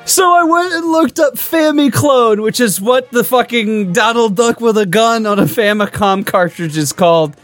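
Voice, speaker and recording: A man's voice: very high-pitched, normal speed, few pauses, a bit bright, no room sound, soft background music. A man co-hosting a comedy podcast in casual chat, teasing the others with playful interjections. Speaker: podcast co-host.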